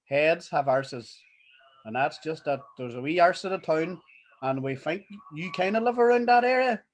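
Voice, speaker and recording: A man's voice: high-pitched, lively intonation, brisk, slight background noise. A young man with a Northern Irish accent in a casual, sweary podcast chat, rambling and restarting his sentences. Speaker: podcast co-host.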